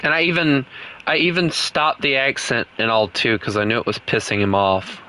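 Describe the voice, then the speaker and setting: A man chatting casually while playing an online game, his voice bright and forceful. He talks offhand and half to himself, trailing off into mumbled asides. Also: mid-range voice, animated, moderate pace. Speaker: game streamer. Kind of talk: casual gameplay commentary.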